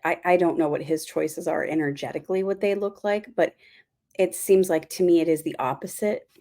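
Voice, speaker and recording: A woman's voice: fairly low pitch, fairly even intonation, a little fast, mellow. A woman giving a casual spiritual talk as host of her channel, rambling with many fillers and apologies.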